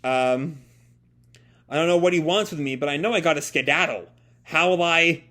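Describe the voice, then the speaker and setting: A man's voice: fairly high pitch, moderate pace, a bit bright, close to an everyday voice. A man voicing a stubborn young girl who snaps back defiantly while running away. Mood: worried.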